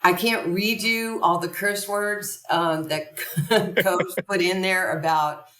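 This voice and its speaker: An older woman, a podcast guest, telling long stories in an animated, long-winded way. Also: lowish voice, slow pace. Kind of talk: conversational storytelling. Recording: echoey room, distant from the mic.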